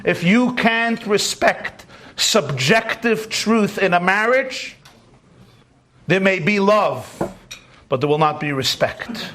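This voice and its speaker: A man's voice: high-pitched, animated, slow, bright, forceful tone, a little hiss or hum. A rabbi giving a lecture to a large audience, telling stories animatedly and joking with his listeners. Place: community center hall.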